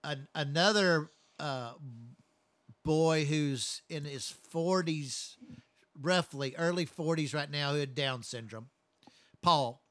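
Male storyteller, profane and rambling, slightly higher voice, bright tone. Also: slow, no room sound. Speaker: first responder telling stories. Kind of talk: casual storytelling chat.

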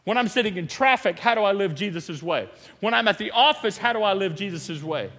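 Man, pastor; high bright voice, animated and emphatic; sanctuary reverb. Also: brisk. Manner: animated, emphatic, laughs and repeats himself. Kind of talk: sermon. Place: church sanctuary.

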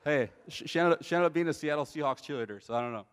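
A man's voice: a little high, rapid-fire, clear, resonant tone, long reverb tail. A young man in his twenties telling a personal testimony to an audience, casual storytelling that keeps checking in with listeners. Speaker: speaker giving a personal testimony.

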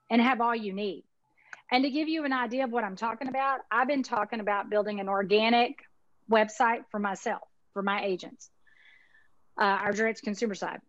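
A woman's voice: fairly high pitch, no room sound, dull audio. A woman in her fifties with a Texas accent, talking in a folksy, emphatic, chatty way as a guest in a casual interview. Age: 50s. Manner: folksy, chatty, emphatic, uses Southern expressions. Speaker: insurance marketing organization owner, guest.

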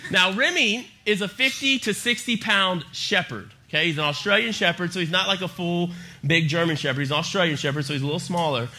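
A young youth pastor preaches at a church youth service, telling funny stories full of energy. His high voice is fairly quick, pushed and bright, with few pauses.

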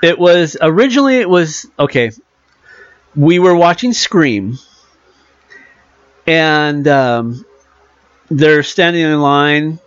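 A man's voice: fairly high pitch, animated, slow, long pauses, clear, resonant tone, dry recording. Rambling chatty man, dry dull sound. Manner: rambling, self-correcting, acts out quotes. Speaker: podcast co-host. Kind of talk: casual chat.

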